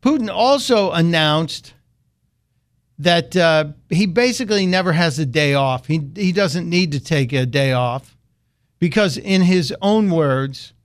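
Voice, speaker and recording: A male radio host giving a sarcastic political monologue. His voice sits a bit high for a man, and he mocks his subject as he talks. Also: expressive, a little slow. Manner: sarcastic, mocking. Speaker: radio talk show host.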